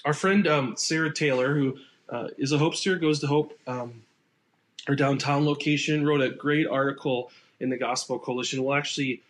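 At a moderate pace, a male pastor with a mid-range voice gives a conversational, easygoing sermon without a script, acting out example responses in quoted voices.

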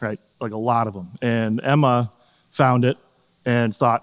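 A man's voice: mid-range voice, steady tone, measured pace. Man preaching conversationally in a reverberant hall. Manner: conversational, asks "right?" often, acts out quotes. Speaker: pastor. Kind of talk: sermon.

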